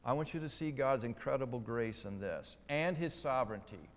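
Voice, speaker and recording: A man's voice: mid-range voice, expressive, moderate pace. A man preaching a sermon, stressing key words and putting rhetorical questions to his listeners. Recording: long hall reverb.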